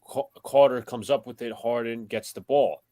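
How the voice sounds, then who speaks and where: Fan-stream play-by-play caller, young New York man, brisk and plain. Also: medium pitch, mellow, no echo. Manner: quick, matter-of-fact calling of plays. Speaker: play-by-play commentator. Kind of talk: live play-by-play commentary.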